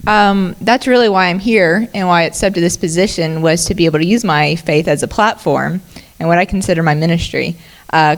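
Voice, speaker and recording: Low, gravelly woman coach. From Alabama, US South. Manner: earnest, reflective, some restarts. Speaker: college volleyball coach. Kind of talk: panel answer about faith. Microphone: handheld mic.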